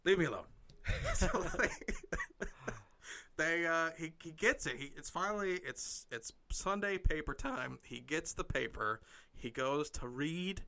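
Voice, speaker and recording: A man's voice: a little high, animated, unhurried, creaky, bright, forceful tone. A man improvising a comic story, rambling and playful, often breaking into giggles.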